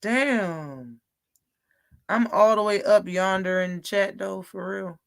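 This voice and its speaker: A woman's voice: medium pitch, level tone, moderate pace, gravelly, clear, resonant tone, no echo, clean studio sound. A woman hosting a casual post-fight livestream, talking animatedly and profanely and mocking people with impressions. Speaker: boxing live-stream host.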